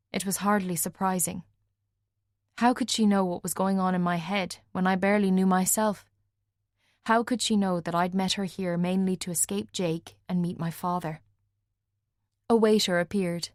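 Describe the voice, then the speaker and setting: A woman narrates a first-person audiobook in a measured, even manner. Her voice sits at a middle pitch, and the recording is dry and close, with no room sound. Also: no room sound. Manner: measured, voices characters lightly.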